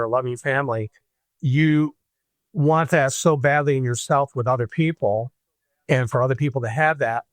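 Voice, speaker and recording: Animated man from Michigan telling a story. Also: mid-range voice, no room sound. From Michigan, USA. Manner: animated storyteller, acts out the voices he quotes. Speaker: guest. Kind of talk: personal storytelling in a podcast interview.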